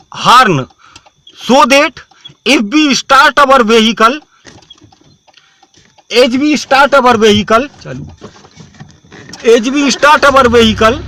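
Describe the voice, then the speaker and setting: A man, talking to camera in a halting, repetitive way that keeps restarting phrases. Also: extremely high pitch, sharp tone, a little hiss or hum. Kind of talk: rambling talk to camera.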